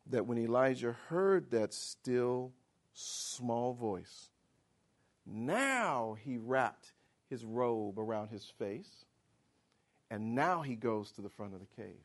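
A man gives a sermon that swings between booming declarations and hushed, rapid asides. He poses questions to the congregation and acts out inner voices.

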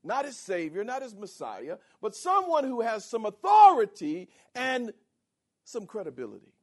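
A man preaching a sermon as pastor, animated and calling on the congregation for responses. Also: sits high, moderate pace. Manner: animated, calls for audience responses.

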